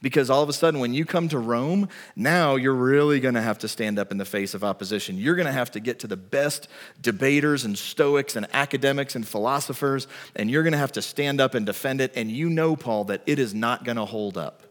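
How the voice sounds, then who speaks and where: A man's voice: medium pitch, a little fast. Conversational male pastor in a reverberant hall. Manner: conversational, storytelling delivery. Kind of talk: sermon. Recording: long reverb of a large hall.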